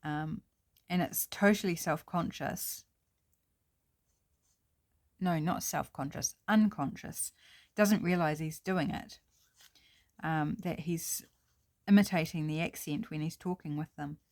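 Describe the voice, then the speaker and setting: A woman's voice: sits low, steady tone, takes it slowly, long pauses, a little mellow. A middle-aged woman with a New Zealand accent, chatting casually and thinking aloud as she works on a craft project at home. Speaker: crafting vlogger.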